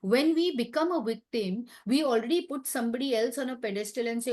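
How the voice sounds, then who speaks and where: A woman's voice: a little high, a little fast, hardly any pauses, darkish tone. Emphatic woman giving a talk. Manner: emphatic, conversational, asks the audience questions. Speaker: wellness talk speaker. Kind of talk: light-hearted teaching talk.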